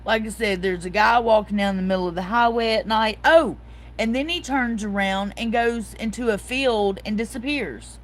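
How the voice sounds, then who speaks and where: A woman's voice: a little high, moderate pace, rough recording. A woman, hosting a casual livestream chat, telling a story and reading out viewer comments. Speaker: host.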